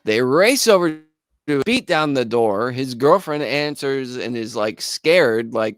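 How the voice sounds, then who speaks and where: A man, a guest musician, telling a story in a casual, animated way and acting out the people in it. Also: medium pitch, slow, no echo, clean studio sound. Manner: animated, acts out quoted voices. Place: podcast studio.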